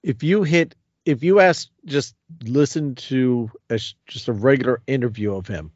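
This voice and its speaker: A man co-hosting a casual podcast review, speaking in a measured, hesitant way with fillers. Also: medium pitch, darkish tone, dry recording, lo-fi sound. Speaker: podcast co-host.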